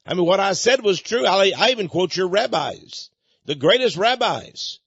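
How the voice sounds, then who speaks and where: A man's voice: sits high, expressive, moderate pace, vocal fry, fairly bright tone, husky, no room sound, muffled recording. A man hosting a radio show, talking in an emphatic, mocking, storytelling monologue. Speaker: radio host.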